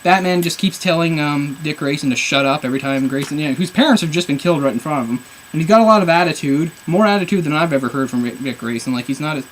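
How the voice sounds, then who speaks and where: A man's voice: a little high, slight background noise, poor audio. A man reviewing a comic book on camera, rambling in an exasperated, sarcastic way. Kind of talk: casual video review.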